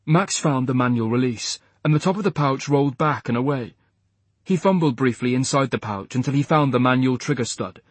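A man narrating an audiobook in a measured, even storytelling manner. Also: medium pitch, husky, dry recording. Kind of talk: scripted narration.

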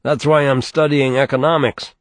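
A man's voice: mid-range voice, level tone, normal speed, no echo, pitched above the performer's own voice, close to an everyday voice. A man voicing a sardonic young male economics graduate student, wry and exasperated, in an audiobook reading. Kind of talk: audiobook character voice.

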